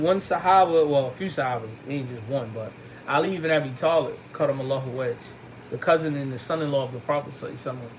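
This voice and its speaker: A man teaching a religious class to young students in a relaxed, slangy way, mixing recited Arabic phrases into his English explanations. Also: a little high, a little hiss or hum, rough recording. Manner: colloquial, slangy, addresses youths directly.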